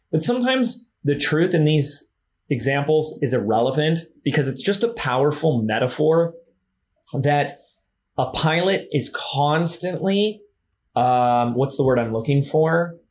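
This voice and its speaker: A man's voice: on the high side, lively intonation, a little slow. A man hosting a podcast who talks emphatically and repeats key phrases for effect. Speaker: podcast host. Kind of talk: enthusiastic podcast interview.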